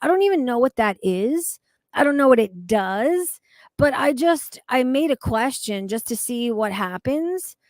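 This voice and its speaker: A woman chatting casually on a livestream, animated and swearing freely as she rants. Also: sits high, a little slow, no echo. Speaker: streamer.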